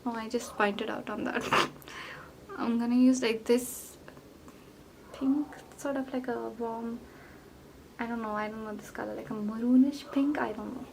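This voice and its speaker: A woman's voice: a little high, steady tone, a little slow, vocal fry, a little hiss or hum. A young woman vlogger talking through her makeup routine in a rambling, chatty way, full of fillers and self-deprecating asides. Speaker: beauty vlogger. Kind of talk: chatty get-ready-with-me makeup talk.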